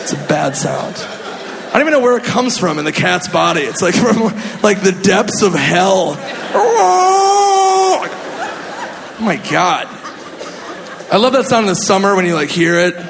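A male stand-up comedian from Minnesota, telling a story in an animated, exaggerated way with sudden shouts. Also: sits high, normal speed, creaky, a faint crowd. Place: comedy club stage. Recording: echoey club, audience laughter and noise.

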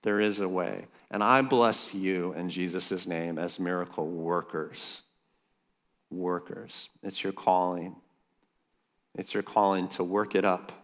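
Speaking slowly in a low, steady, fairly bright voice, a man delivers a sermon as a pastor at a leaders' conference. He's emphatic and playful, urging the audience to say amen, and a large hall's long reverb surrounds him.

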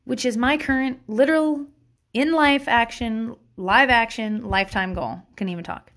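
A woman's voice: fairly high pitch, moderate pace, fairly bright tone. A woman talking as a mother giving parenting advice in a casual monologue, blunt, swearing freely, laughing and wandering off on tangents.

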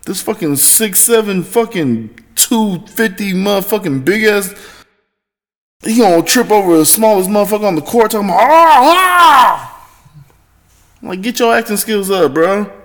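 A man hosting his own podcast, talking in a rambling, profane monologue that swings between loud excitement and low mutters. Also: moderate pace. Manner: rambling, heavy swearing, self-correcting. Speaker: podcast host. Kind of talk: casual solo monologue.

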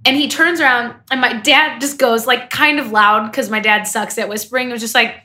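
A woman's voice: on the high side, steady tone, fairly quick, bright, forceful tone. A young woman co-hosting a podcast, chatting casually and rambling with fillers, often laughing. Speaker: podcast co-host. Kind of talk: casual chat.

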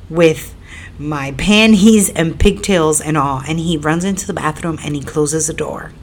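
Low-voiced woman telling a rambling story. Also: a little hiss or hum. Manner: rambling, repeats phrases, many fillers; emphatic, builds up to indignant outbursts. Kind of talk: casual personal storytime.

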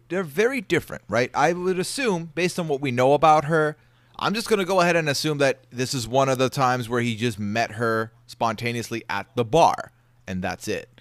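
A man's voice: a little high, a bit bright, dry recording. A man co-hosting a podcast, thinking aloud tentatively and often seeking agreement. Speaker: podcast co-host. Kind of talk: casual chat speculating about a show.

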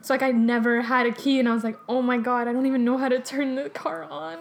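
A young woman telling a story in casual chat, animated and full of "like" and laughter. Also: high voice, fast talker, creaky.

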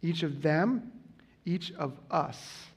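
A man's voice: fairly high pitch, takes it slowly, gravelly, breathy edge. A man preaching a sermon as a pastor, earnestly repeating key lines for emphasis.

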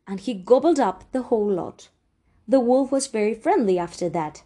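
A woman reading a children's picture book aloud in an animated, expressive storytelling manner. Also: on the high side, normal speed. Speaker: storybook reader.

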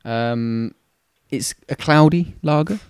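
A British man co-hosting a podcast, telling stories in a casual, animated way with frequent laughs. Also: medium pitch, slow, clear, resonant tone, dry recording. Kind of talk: casual chat.

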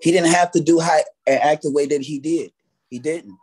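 A man's voice: on the high side, moderate pace, darkish tone, husky. A man, a guest artist telling stories in a casual interview, swearing freely and acting out his own past reactions. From United States.

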